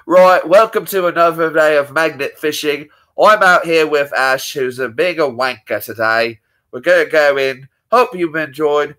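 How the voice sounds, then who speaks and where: A man's voice: fairly high pitch, normal speed, sharp tone. A man voicing a cheeky British man opening a fishing video, chipper and teasing. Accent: British put-on.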